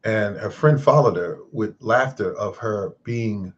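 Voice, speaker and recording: Low-voiced man telling a rambling story. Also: unhurried, lo-fi sound. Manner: rambling, reflective, moralizing. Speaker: host of a live-stream gardening show. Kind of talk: casual live-stream storytelling.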